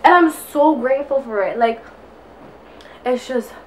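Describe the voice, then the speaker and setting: Getting ready at home, a young woman chats in her vlog with a high-pitched, unhurried voice. Breathless, she rambles on with nonstop fillers, and a little hiss or hum sits under the recording.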